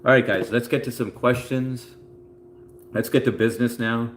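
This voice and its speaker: A man's voice: medium pitch, fairly even intonation, moderate pace, a little hiss or hum. A man hosting a casual live stream from home, reading out viewer comments in a laid-back, chatty way with plenty of fillers.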